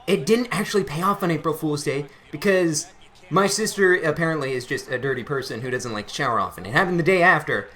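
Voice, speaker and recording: A man's voice: fairly high pitch, fast, a bit bright. A young man hosting his channel, chatting casually and laughing at his own stories. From Canada. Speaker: channel host. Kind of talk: casual storytelling to camera.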